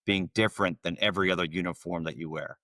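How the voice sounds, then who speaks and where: A man's voice: low voice, fairly even intonation, fast, pushed and bright, no room sound, studio quality. A man hosting a podcast, asking questions in an upbeat, eager manner. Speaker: podcast host. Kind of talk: casual interview.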